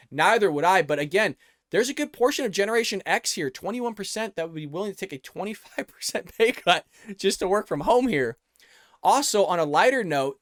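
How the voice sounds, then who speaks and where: Earnest male vlog host from the US, slightly high voice, dry close recording. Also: a bit bright, dry recording. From United States. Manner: earnest, repeats words and restarts, addresses viewers as folks. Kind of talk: political commentary vlog.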